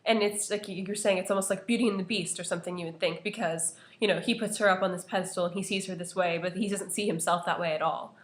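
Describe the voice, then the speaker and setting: A woman's voice: lowish voice, fairly even intonation, fast talker, hardly any pauses. A young woman presenting an analysis of a poem to her class, earnest and full of "you know" fillers. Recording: echoey room.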